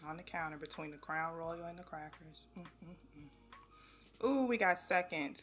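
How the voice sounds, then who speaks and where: A young woman giving casual gameplay commentary, talking to the game characters and grumbling at them when they are too slow. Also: on the low side, a little hiss or hum. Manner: animated, talks to the game characters, exasperated asides. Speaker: gameplay video host. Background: faint background music.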